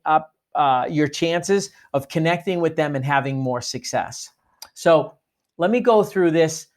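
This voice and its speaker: A man giving a sales training talk, coaching listeners and acting out sample phone greetings. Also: a little high. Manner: coaching, demonstrates phone lines.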